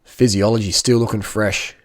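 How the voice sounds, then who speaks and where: A man commenting casually over race footage in an excitable, slangy way, full of exclamations. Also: on the low side, normal speed, no room sound, clean studio sound. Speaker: cycling vlogger.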